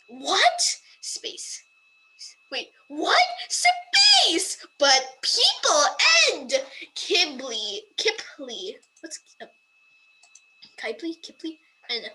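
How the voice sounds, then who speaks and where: A woman vlogger reading a book excerpt aloud to voice typing, slow and deliberate, breaking off for amused asides. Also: high voice, pushed and bright, low-quality recording.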